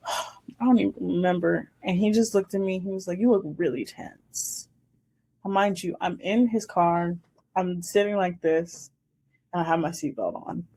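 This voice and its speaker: A woman's voice: lowish voice, steady tone, normal speed, vocal fry, mellow. A woman in her twenties hosting a casual chat show, animatedly telling a dating story and acting out the scenes. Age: 20s. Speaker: host.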